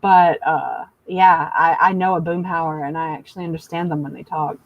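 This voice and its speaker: A woman's voice: low voice, steady tone, moderate pace, vocal fry, highs cut off, slight background noise. A woman raised in the American South, chatting casually and animatedly on a group video call. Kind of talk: casual group chat on a livestream.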